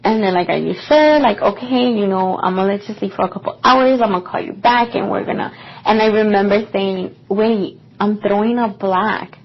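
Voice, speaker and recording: A young woman at an ordinary middle pitch recounts a personal story on a podcast, casual and meandering and full of filler words. The recording is muffled and lo-fi, lacking crispness. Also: normal speed. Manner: casual, rambling, with many "like" fillers. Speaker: podcast co-host.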